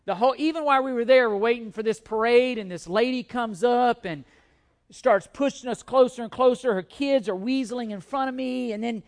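Man, middle-aged, pastor, sermon, high-pitched voice, animated humorous storytelling. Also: fairly quick.

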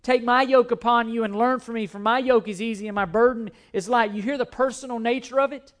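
Man, very high voice, pastor, emphatic sermon, repeats key phrases. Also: fairly even intonation, fairly quick. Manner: repetitive, emphatic preaching with scripture quotes.

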